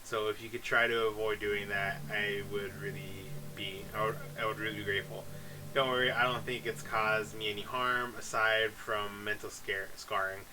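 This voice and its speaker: A man's voice: on the low side, fairly even intonation, normal speed, close to an everyday voice, rough recording. A man reading aloud the lines of an obsessive, clingy young woman game character, with little change of voice. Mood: pleading.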